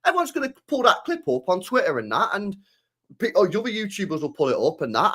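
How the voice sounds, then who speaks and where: Animated guy ranting. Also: high voice, fast talker. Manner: animated, swears a lot, fires rhetorical questions. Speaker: podcast host. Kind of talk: casual podcast rant.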